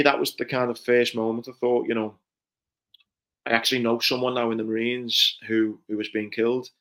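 A former Royal Marine, appearing as an interview guest, earnestly reflects on his training and tells stories conversationally, using lots of fillers like "you know." His voice is medium-pitched and a bit bright.

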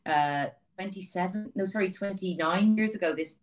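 A woman's voice: medium pitch, moderate pace, recorded from a distance. A Dublin woman in her fifties with an Irish accent, chatting as an interview guest and telling her story with many restarts. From Ireland (Dublin). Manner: chatty storyteller, frequent restarts and you-knows. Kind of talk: conversational interview.

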